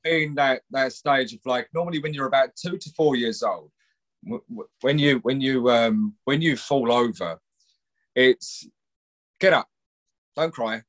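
A man talks as a podcast guest, frank and rambling, dropping swear words as he goes. His voice sits in an ordinary middle pitch, and he works through his points in a loose, conversational way. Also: a little slow. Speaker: guest, mental health counsellor.

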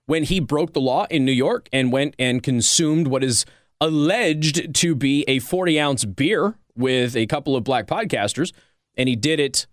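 A political commentary host with a slightly high voice talks casually, sarcastically, and ramblingly, often restarting his sentences. The recording is dry and studio quality.

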